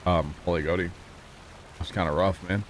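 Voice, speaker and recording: A man with a very low voice chats casually while streaming a farming game, joking around and answering his chat. Faint game vehicle noise hums in the background. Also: fairly even intonation, moderate pace. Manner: chatty, jokey, reading chat aloud.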